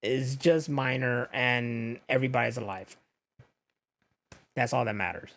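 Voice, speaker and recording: In a creaky, medium-pitched voice that moves a little slowly, this young podcast host rants casually through a story. Animated and full of swearing, he performs other people's lines as he goes.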